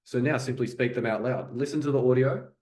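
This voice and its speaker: A man's voice: mid-range voice, fast talker, darkish tone, echoey room. A man who works as a French coach, talking casually to viewers about how to learn the language and often dropping in "okay" and "you know". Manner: conversational, frequent fillers like "okay" and "you know".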